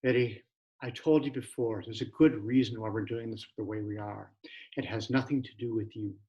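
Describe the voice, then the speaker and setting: A man's voice: lowish voice, fairly even intonation, normal speed, warm tone, lo-fi sound, natural voice. A man voicing a frail, sick elderly father who sounds whispery and scratchy. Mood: weary.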